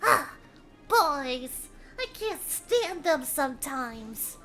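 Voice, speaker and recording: A woman voicing a peppy young female hedgehog heroine in a high, bouncy, exaggerated voice. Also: big pitch swings, extremely slow, a bit bright, soft background music, full character voice. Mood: exasperated.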